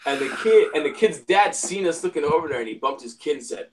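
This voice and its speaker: A man in a casual chat, telling long profane stories in a rambling, animated way. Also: fairly high pitch, fast. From Spokane, Washington area.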